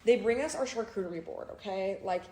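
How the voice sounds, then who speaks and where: A young woman co-hosting a podcast, telling an animated story full of fillers and bursts of laughter. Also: mid-range voice, a little fast. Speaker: podcast co-host. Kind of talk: casual storytelling chat. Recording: roomy echo.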